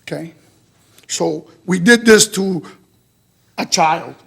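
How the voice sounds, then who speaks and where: A man's voice: sits high, takes it slowly, vocal fry, breathy edge. A man speaking in public comment at a school board meeting, listing complaints in short clipped statements.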